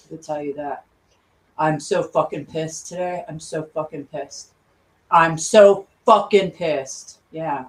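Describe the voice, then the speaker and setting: A woman vlogger ranting angrily, swearing constantly and repeating herself. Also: deep voice. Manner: furious, swearing constantly, repetitive. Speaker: conspiracy vlogger. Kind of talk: angry profane rant.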